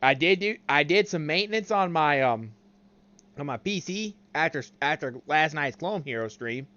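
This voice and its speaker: Casting: male live streamer, smooth and clear voice, halting and casual, slightly dull lo-fi mic. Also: fairly high pitch, expressive, pushed and bright, dry recording. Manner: halting, full of fillers while setting up.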